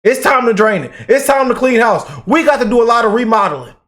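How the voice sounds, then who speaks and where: A man's voice: very high-pitched, animated, fast talker, a bit bright. A man giving fired-up casual commentary to his viewers, emphatic and slangy, calling them family. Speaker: political commentary YouTuber.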